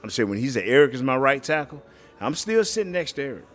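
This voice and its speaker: A middle-aged former pro football player speaks fast in a mid-range voice, with soft music playing in the background. As a guest in a casual interview, he tells animated stories, acts out the voices of the people in them, and laughs often.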